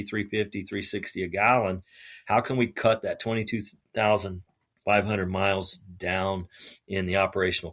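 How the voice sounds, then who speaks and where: A man, a podcast guest, telling a long story in a conversational way and acting out what other people said. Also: deep voice. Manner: animated, acts out other people's lines in changed voices.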